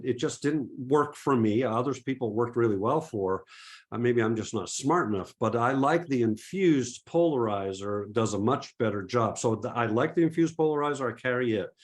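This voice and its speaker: Hosting a relaxed photography webinar, a middle-aged Massachusetts man without a regional accent chats through audience questions. His mid-range voice is full of restarts and fillers.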